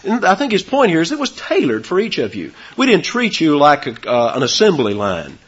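A husky-voiced man preaches a sermon, his pitch leaping high and loud on key words. His voice sits a little high for a man and swings widely. The recording sounds dull and lo-fi. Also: brisk. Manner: animated preaching with sudden high, loud emphasis. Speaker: pastor.

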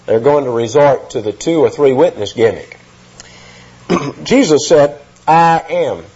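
A man's voice: medium pitch, expressive, measured pace, mellow, husky. A man preaching an expository sermon in an earnest teaching tone, rising in emphasis on key phrases. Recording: dull lo-fi recording.

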